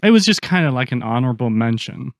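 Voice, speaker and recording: A man's voice: mid-range voice, big pitch swings, fast talker, dry recording, studio quality. A man co-hosting a podcast, telling stories in casual chat with a loose, swearing manner. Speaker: podcast co-host.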